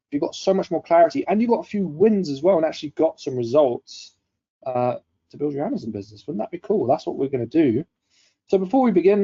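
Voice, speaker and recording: A man's voice: medium pitch, dark tone, lo-fi sound. Upbeat man hosting a live stream. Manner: upbeat, chatty, reads viewer comments aloud. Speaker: webinar host. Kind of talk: live-streamed coaching session.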